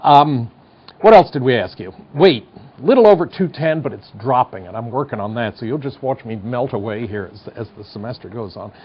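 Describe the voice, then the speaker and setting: A man's voice: medium pitch, expressive, fairly quick, slightly rough. A man in his sixties with a General American accent and a slight Midwestern twang, giving a university psychology lecture in a wry, chatty, digressive way. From United States. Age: 60s. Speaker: psychology professor. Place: studio classroom. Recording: dull lo-fi lecture tape.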